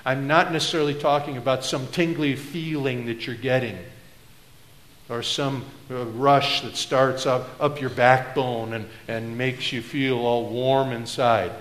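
Preacher man in a roomy church. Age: middle-aged. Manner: swings from loud declaring to low confiding asides. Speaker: pastor. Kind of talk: sermon. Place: church sanctuary.

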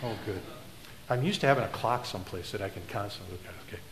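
A middle-aged man preaching a sermon, swinging between loud declarations and low, confiding asides. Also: fast, echoey room, background noise. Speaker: pastor. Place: church sanctuary.

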